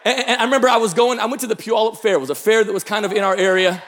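A pastor from the Pacific Northwest preaching a sermon, telling stories with bursts of shouting. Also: male voice, sits high, racing, a little hiss or hum. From Pacific Northwest, Tacoma, Washington. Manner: energetic storytelling, bursts of shouting. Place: large church hall. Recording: long hall reverb.

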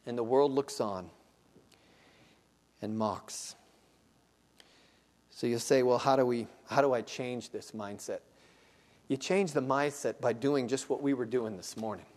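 A man preaching a sermon as pastor, dropping to hushed low asides and then building to loud, slow, rising exclamations. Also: in a large hall. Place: church sanctuary.

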